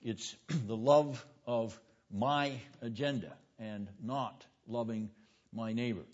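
This seminary lecturer is an emphatic man with a mid-range, darkish voice who takes things slowly. He uses rhetorical questions and quizzes students by name, heard through a dull lo-fi classroom recording.

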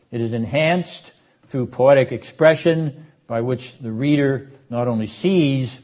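An older man delivers a classroom lecture on scripture at a middle pitch, measured and emphatic. The recording is dull and lo-fi. He stresses key words for his students. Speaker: seminary lecturer.

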